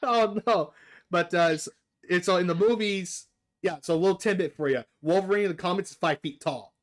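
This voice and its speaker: An excitable man hosting a casual gaming chat, his voice pitched a little high. He swears freely and talks over his guest in bursts of enthusiasm. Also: brisk. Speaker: podcast host.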